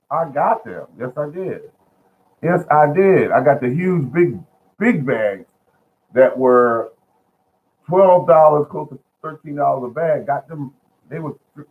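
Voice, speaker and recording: A man's voice: medium pitch, animated, measured pace, pauses often. Rambling man on a tinny line. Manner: chatty, repetitive, addresses viewers as folks. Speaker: home gardening vlogger. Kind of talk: rambling casual monologue. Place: at home, indoors. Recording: phone-like lo-fi sound.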